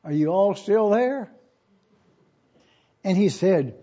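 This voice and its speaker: Older male preacher with a high, warm voice. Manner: emphatic, repeats key questions slowly. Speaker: pastor. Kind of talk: sermon. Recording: dull lo-fi recording.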